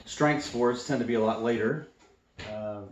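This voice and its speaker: A man's voice: mid-range voice, measured pace, faint music behind. Dry-humored co-host man, echoey room. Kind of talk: casual chat. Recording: echoey room with background noise.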